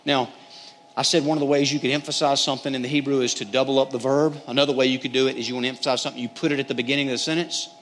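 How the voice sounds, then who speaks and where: A man's voice: mid-range voice, fairly even intonation, racing, a bit bright. Earnest male Bible teacher in a hall. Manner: earnest, conversational, addresses listeners as guys. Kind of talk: sermon-style Bible teaching. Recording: echoey hall, faint noise.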